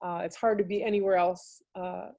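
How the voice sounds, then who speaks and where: A woman's voice: level tone, fairly quick, warm tone, no echo. A woman giving a casual, filler-heavy webinar talk on a video call. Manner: casual and hesitant, many fillers, bursts into high singing demonstrations. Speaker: music teaching artist presenter.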